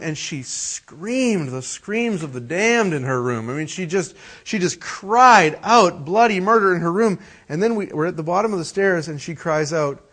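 A middle-aged man preaching a sermon, reading scripture, praying softly, then telling lively stories about his children. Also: on the high side, husky. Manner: swings from loud animated storytelling to hushed prayer. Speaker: pastor.

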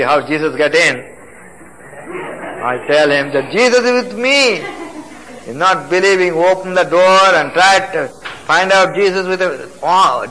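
A man with a Nepali accent gives his testimony in fervent, broken English. His voice is bright and fairly high, and he speaks very slowly and emphatically. A faint hiss from an old tape runs under him. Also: poor audio. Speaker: preacher giving testimony. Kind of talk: sermon testimony.

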